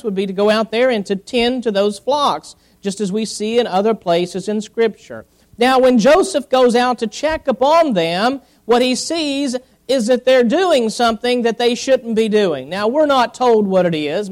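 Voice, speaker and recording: High-voiced man preaching a sermon. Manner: expository preaching with scripture reading. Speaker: pastor.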